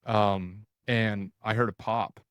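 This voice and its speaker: A podcast guest in his forties tells a story casually and with animation, often restarting and quoting his own thoughts. His voice is smooth and on the low side, he takes his time, and there's no echo.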